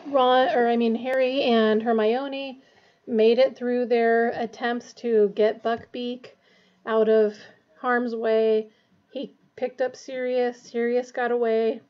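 A woman reading a novel aloud expressively, with a dull lo-fi recording. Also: on the high side. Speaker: audiobook reader.

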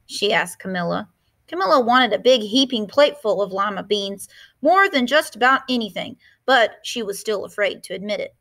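Expressive woman teacher reading aloud. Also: medium pitch. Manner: expressive, pauses to explain words. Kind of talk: reading a picture book aloud with explanations.

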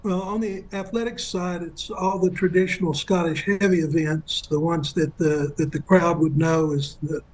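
Man, middle-aged, fairly high voice, news interview guest, steady, informative, fillers and restarts. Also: moderate pace, hardly any pauses, rough recording. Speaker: president of a Highland games.

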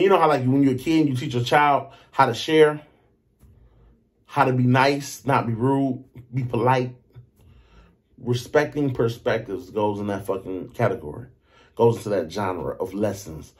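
A man hosting a podcast, telling a story in a loose, animated monologue. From Detroit. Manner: animated storytelling, acts out others in high voices. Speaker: podcast host. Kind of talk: casual monologue.

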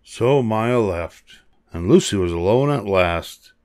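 An older man reading a children's picture book aloud, expressive and animated. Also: lowish voice, slow pace, dry recording, studio quality. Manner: expressive, animated voices for characters. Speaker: storybook reader.

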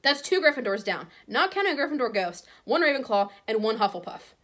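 A woman reading a loud, indignant schoolboy. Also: on the high side, big pitch swings, brisk. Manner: loud, rabble-rousing. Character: indignant teenage boy student.

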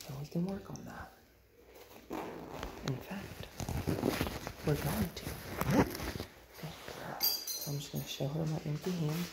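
Low, slow-talking woman dog trainer. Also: creaky. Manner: soft, calm praise, often hushed to a whisper. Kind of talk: hands-on dog training demonstration. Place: indoor home room with a dog crate. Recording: roomy echo with loud background noise.

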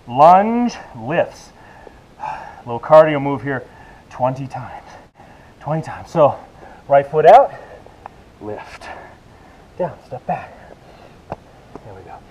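A man's voice: fairly high pitch, gravelly, darkish tone, muffled recording. Breathless man coaching a workout. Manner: cueing moves and counting reps while exercising. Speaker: fitness instructor.

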